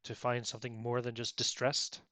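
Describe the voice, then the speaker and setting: Bright-voiced man running the game. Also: mid-range voice, no echo. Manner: relaxed, chatty, quick to laugh. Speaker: game master. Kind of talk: running a tabletop horror game.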